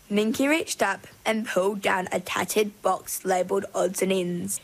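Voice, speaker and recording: A woman narrating a storybook in an expressive, measured way. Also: mid-range voice, creaky, poor audio.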